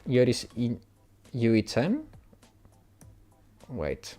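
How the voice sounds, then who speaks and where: A man's voice: medium pitch, huge pitch swings, drawn-out words, dark tone, faint music behind. A man from Italy, whose first language is Italian, speaks with an Italian accent and chats casually with viewers while streaming a game, often laughing. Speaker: gaming streamer. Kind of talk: casual live-stream chat.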